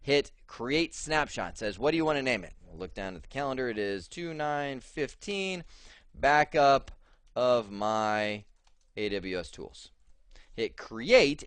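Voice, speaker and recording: A man's voice: medium pitch, lively intonation, unhurried, a bit bright, no room sound. A man teaching a cloud computing lesson in a casual, chatty way, with many fillers and restarts. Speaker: instructor. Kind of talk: screen-share tech lesson.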